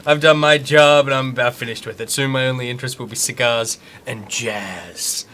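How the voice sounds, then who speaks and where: A man voicing a weary, disgruntled male police chief in a put-on Southern US accent, with a slow, world-weary drawl. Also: medium pitch, steady tone, sharp tone, close to an everyday voice.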